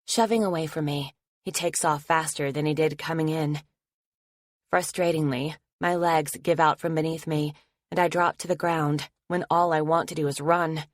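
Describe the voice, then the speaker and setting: A woman narrates a first-person romance audiobook with tense, intimate storytelling. Her voice sits low in her range. It is recorded close on a studio mic with a dry sound. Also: fairly even intonation, normal speed, no room sound.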